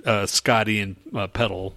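Male podcast co-host, lowish voice, rambling and slangy. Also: fairly even intonation, sharp tone. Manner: loose, halting talk full of "like" and "dude". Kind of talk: casual chat.

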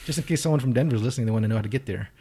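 A man's voice: mid-range voice, racing, mellow, a little hiss or hum. A man co-hosting a podcast in casual chat, rambling and cracking crude jokes. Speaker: podcast co-host.

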